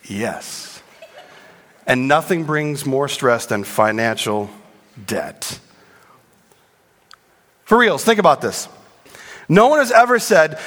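High-voiced pastor preaching in a hall. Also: male voice, slow, long pauses. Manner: animated, joking with the congregation. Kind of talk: sermon. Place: church sanctuary. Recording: long reverb in a large hall.

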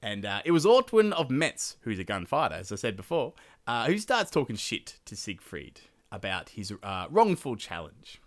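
A man's voice: medium pitch, wildly swooping pitch, normal speed. A man hosting a podcast, retelling a medieval epic in a casual, profane, slangy way with laughing asides. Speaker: podcast host.

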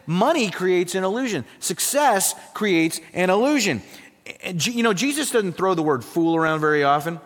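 High-voiced pastor preaching in a hall. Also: male voice, animated, moderate pace. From South Dakota. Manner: emphatic, swings from loud to hushed. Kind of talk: sermon.

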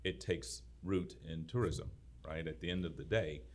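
A man's voice: sits low, normal speed. A man co-hosting an interview show, chatting casually and telling stories with energy. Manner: animated storyteller, laughs through anecdotes. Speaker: podcast co-host.

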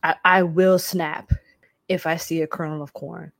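A young woman vlogging, telling a story in a casual, dramatic and animated way with lots of slang. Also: sits low, measured pace, vocal fry, dry recording. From United States.

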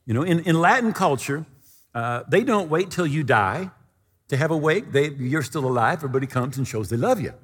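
Here a pastor's voice is slightly high, a little rough, and brisk. Telling stories within his sermon, he stays lively and performs the voices of those he quotes, all echoing with the long reverb of a big hall.

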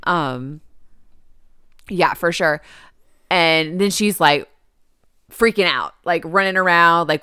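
A woman's voice: fairly low pitch, takes it slowly, pauses often, pushed and bright, clear, resonant tone, dry recording, clean studio sound. A woman co-hosting a podcast in casual chat, retelling scenes animatedly and acting out the characters' lines. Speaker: podcast co-host.

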